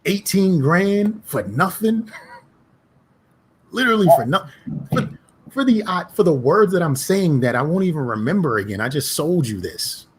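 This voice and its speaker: A man co-hosting a podcast, dropping quick deadpan punchlines in casual chat. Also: a little high, slight background noise. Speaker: podcast co-host.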